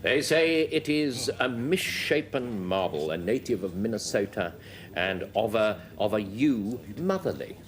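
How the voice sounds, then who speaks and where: A middle-aged man hosting a panel game show, brisk and dryly amused. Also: fairly low pitch, very animated, slight background noise. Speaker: quiz show host.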